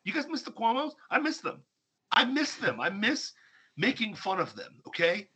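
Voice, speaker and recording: A man's voice: high-pitched, very animated, normal speed, sharp tone, breathy edge. A man hosting a talk show, ranting sarcastically and with heavy emphasis. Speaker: podcast host. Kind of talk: heated opinion talk.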